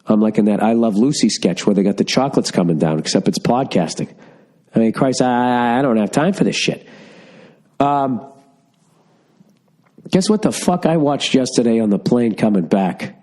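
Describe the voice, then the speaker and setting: A man's voice: mid-range voice, normal speed. A middle-aged man from Massachusetts, stuffy and congested from a cold, ranting profanely and telling stories on his solo podcast. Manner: profane, ranting, storytelling, animated asides. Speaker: podcast host. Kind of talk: casual solo podcast rant. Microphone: studio podcast mic.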